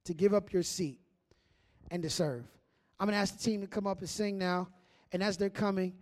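Male pastor, high-pitched voice, animated sermon delivery with call-and-response.

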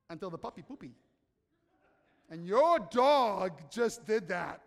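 High-voiced pastor in a reverberant hall. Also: male voice, very animated, unhurried, vocal fry, long pauses. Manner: conversational, questions the audience, acts out quotes. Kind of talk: sermon.

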